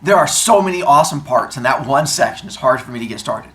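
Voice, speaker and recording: A male teacher reading a novel aloud to his class, then discussing it in an animated, jokey way and acting out the scenes. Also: mid-range voice, fast talker, roomy sound, a little hiss or hum, low-quality recording.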